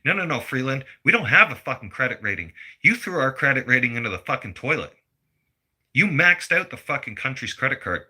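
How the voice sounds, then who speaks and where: Sharp-voiced man ranting. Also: mid-range voice, big pitch swings, a little fast, breathy edge. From Canada. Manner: blunt, heated, heavy swearing. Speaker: vlogger. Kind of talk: profane political rant.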